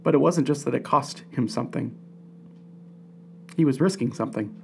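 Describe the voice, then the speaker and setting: A man's voice: mid-range voice, normal speed, creaky, warm tone, slight background noise. Man preaching in a conversational style. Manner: conversational preaching with rhetorical questions; restarts and repeated words. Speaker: pastor. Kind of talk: sermon.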